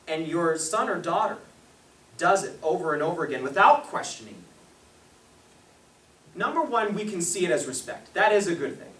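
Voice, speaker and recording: The speaker is a young adult man presenting a parenting seminar, telling stories to a live audience, laughing frequently, and mimicking the people he quotes. His fairly high, fairly bright voice swings widely in pitch at a moderate pace, broken by long pauses. The room is echoey, with a distant mic and faint hiss.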